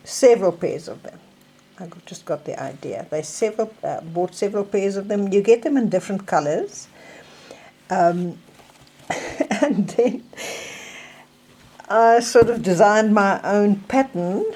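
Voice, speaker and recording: An older South African woman with a South African accent shares hip surgery recovery tips in a casual show-and-tell vlog. Her medium-pitched, warm voice moves slowly and chattily as she demonstrates objects.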